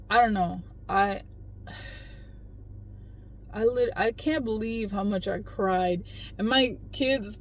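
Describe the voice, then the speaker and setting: A woman's voice: mid-range voice, slight background noise. A woman in her thirties talking in a casual personal vlog, emotional and rambling, with many fillers. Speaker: vlogger.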